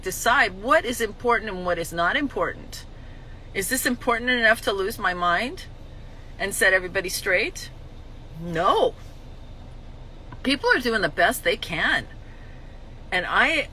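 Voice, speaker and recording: A woman's voice: fairly high pitch, slight background noise, low-quality recording. A middle-aged woman speaking casually in a spoken reflection on recovery, acting out scenes with lots of laughter. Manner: animated, acts out scenes, laughs often. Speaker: recovery vlogger.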